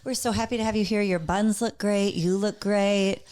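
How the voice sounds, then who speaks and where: A woman's voice: medium pitch, fairly even intonation, moderate pace, a little mellow, a little hiss or hum. A woman in her forties co-hosting a podcast in a home studio, chatting casually with playful, teasing jokes. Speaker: podcast co-host. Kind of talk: casual chat.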